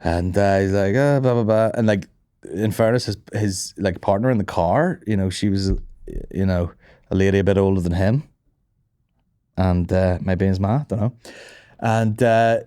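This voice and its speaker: A man, a comedy podcast host telling stories in a profane, animated way and acting out the other voices. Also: fairly low pitch, normal speed, clean tone, no echo, studio quality. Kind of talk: casual storytelling chat.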